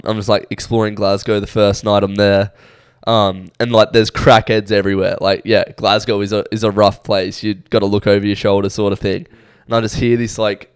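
Laid-back and casual, this young Australian podcast co-host rambles through stories with plenty of filler words. His voice sits fairly low with a clean tone, and the studio-quality recording has no echo.

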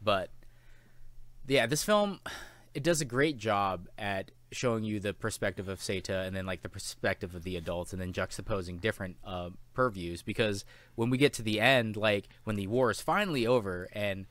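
Animated, profane young-sounding male reviewer. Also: lowish voice, normal speed, no echo. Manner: animated, swears a lot, acts out quotes. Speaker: podcast co-host. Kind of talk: casual review chat.

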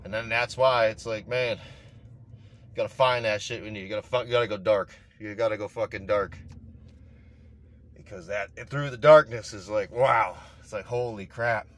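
A man's voice: lowish voice, steady tone, normal speed. A man in a casual motivational monologue, intense and profane, rambling as he talks. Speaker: vlogger. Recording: outdoor traffic noise.

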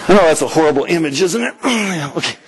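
A man preaching a sermon in a church, animated and lively, acting out prayers and dialogue as he goes. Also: a little high, fast, rough recording. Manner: animated, acts out prayers and dialogue in quoted voices.

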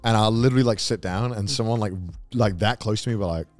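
A young man co-hosting a podcast, telling stories in casual, animated chat with swearing and laughs. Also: fairly low pitch, fast, faint music behind. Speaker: podcast co-host.

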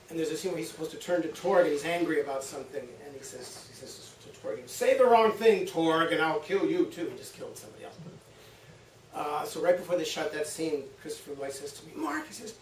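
A man giving a university talk, telling anecdotes with animated quoted voices and frequent laughter. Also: a little high, a little fast. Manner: lively storytelling, acts out quotes, laughs often. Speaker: guest lecturer. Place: lecture room. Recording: roomy, from a distance, faint hum.

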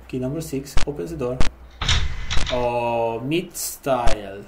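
A man's voice: mid-range voice, unhurried, reverberant, noisy background. A man in a comic vampire persona, commenting in broken English while playing a horror game and talking to what he sees. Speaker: let's play gamer in a vampire persona.

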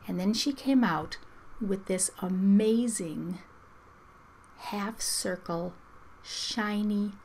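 A woman reading teacher telling a playful story to children, often dropping into whispers. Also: medium pitch. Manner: slow, playful storyteller who drops into whispers.

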